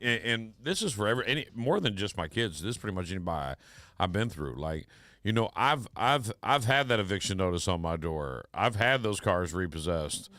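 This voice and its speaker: Male radio host, 50s, bright forceful voice, dry close sound, animated storyteller. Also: fairly low pitch, fairly quick, no room sound. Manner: animated storyteller, emphatic and swearing. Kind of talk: casual chat.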